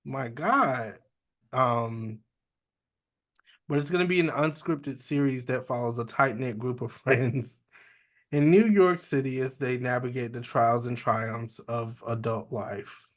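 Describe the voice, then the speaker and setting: A man co-hosts a relaxed gossip podcast. He reads the news items aloud at a middle pitch and then gives his candid opinions, swearing freely. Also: slow pace. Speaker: podcast co-host. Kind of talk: casual gossip chat.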